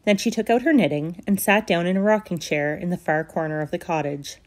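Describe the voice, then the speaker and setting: A woman reading a children's storybook aloud at a church in a steady, expressive manner. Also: on the low side, a little fast.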